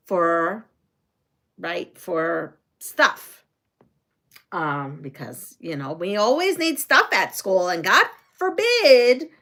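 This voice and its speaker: A woman hosting a quilting live stream, chatting casually, answering viewer comments and trivia questions as she sews, with frequent giggles and some drawn-out phrases. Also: mid-range voice, a bit bright. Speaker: quilting channel host. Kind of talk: casual live-stream chat while sewing.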